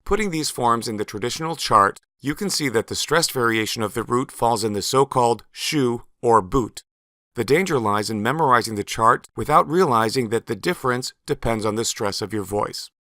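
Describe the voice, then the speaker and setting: A man narrating a scripted language lesson, slow and careful, stressing syllables clearly as he models words. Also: medium pitch, animated, pushed and bright, no echo, studio quality. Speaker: Spanish teacher.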